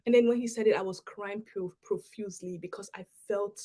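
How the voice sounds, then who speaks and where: A woman giving an emotional personal testimony at a summit, halting and repeating words as she pleads earnestly with listeners. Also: mid-range voice, mellow. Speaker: summit speaker.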